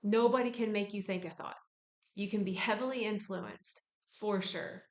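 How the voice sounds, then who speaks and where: A woman giving a casual self-help talk, relaxed and frank, with casual swearing. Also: mid-range voice, normal speed, reverberant. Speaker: wellness speaker.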